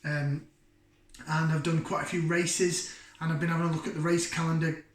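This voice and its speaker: A man's voice: a little high, level tone, moderate pace. A man chatting casually to camera as a beer reviewer, rambling and poking fun at himself. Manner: chatty, rambling, self-deprecating. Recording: roomy echo.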